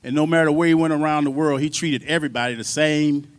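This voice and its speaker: Man spinning lively band anecdotes. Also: fairly high pitch, quick pace, clean tone. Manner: lively anecdotes, laughs, acts out voices. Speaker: panelist, drummer. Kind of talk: storytelling at a panel talk. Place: university symposium.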